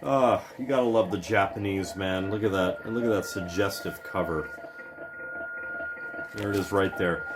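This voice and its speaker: A man in a casual, profane vlog monologue, excitable and emphatic, swearing constantly and firing off punchy lists. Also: sits low, moderate pace, noisy background. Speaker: vlogger showing his record purchases.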